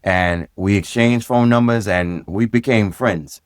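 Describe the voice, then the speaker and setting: Easygoing New man, low and dry. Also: measured pace, clear, resonant tone, no room sound. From Brooklyn, New York. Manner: easygoing and direct, animated when recounting dialogue. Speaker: guest, former police sergeant and DJ. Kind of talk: casual storytelling in a podcast interview.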